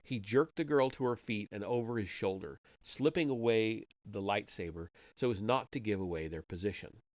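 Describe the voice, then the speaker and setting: A man's voice: lowish voice, normal speed, darkish tone, no room sound. A man reading a story aloud on a live stream, voicing the characters only lightly and sometimes stumbling and correcting himself. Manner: reads character dialogue with only light voicing, occasional slips and restarts. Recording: dull, lo-fi home mic.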